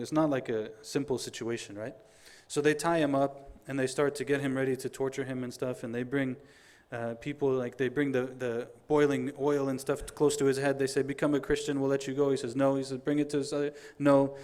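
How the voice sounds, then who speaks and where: A middle-aged man giving a Friday sermon, telling stories in an animated way, acting out the dialogue and reciting quotations quickly. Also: medium pitch. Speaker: preacher.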